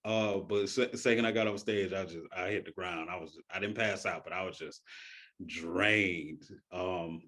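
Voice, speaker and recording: A man's voice: fairly low pitch, fairly bright tone. A man telling a personal story in a casual way, often laughing and acting out quoted voices.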